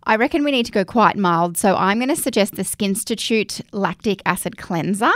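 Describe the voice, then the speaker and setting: A woman's voice: mid-range voice, normal speed, no room sound. Woman co-host, chatty and practical, dry close sound. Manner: chatty and practical, explains step by step. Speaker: podcast co-host giving skincare advice. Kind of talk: casual chat.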